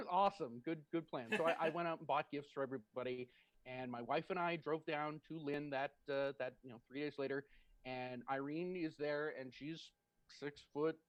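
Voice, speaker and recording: Doing stand-up over a video call from home, a man with a rather high voice talks at normal speed, with no room sound. He tells a story for a virtual show in a chatty, self-deprecating way, laughing at his own jokes.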